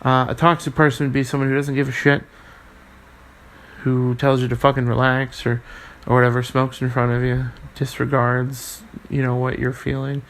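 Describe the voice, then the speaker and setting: A young man hosting his own podcast, talking earnestly and haltingly with many restarts and fillers, swearing now and then. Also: medium pitch, level tone, a bit bright. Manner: swears casually. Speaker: podcast host. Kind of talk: casual solo podcast monologue.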